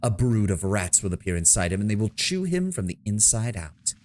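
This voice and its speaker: A man's voice: lowish voice, big pitch swings, a little fast, darkish tone, slight background noise. A man voicing a cruel, gloating female demon cultist, reading game dialogue aloud in a mocking, theatrical way.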